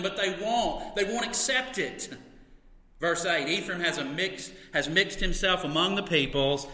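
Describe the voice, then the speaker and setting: A man's voice: on the high side, bright, forceful tone. A middle-aged man preaching a sermon in an earnest, conversational way, with occasional asides and light laughter. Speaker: pastor. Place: church sanctuary. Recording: echoey hall with long reverb.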